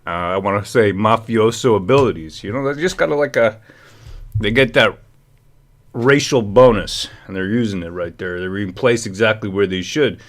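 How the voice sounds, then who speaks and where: A man's voice: lowish voice, moderate pace. A man co-hosting a livestream, rambling in casual chat, reading the chat and laughing often. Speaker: livestream co-host.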